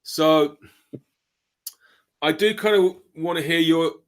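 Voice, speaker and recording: Chatty British man, higher voice. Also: takes it slowly. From Britain. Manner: chatty, storytelling, rambling questions. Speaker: podcast host, drummer. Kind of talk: casual interview chat.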